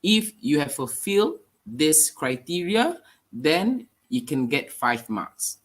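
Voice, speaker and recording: A man's voice: on the high side, big pitch swings, slow, fairly bright tone. A man with a nasal, under-the-weather voice, teaching a live online writing lesson with hesitant fillers. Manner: hesitant, many fillers, explanatory. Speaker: English teacher.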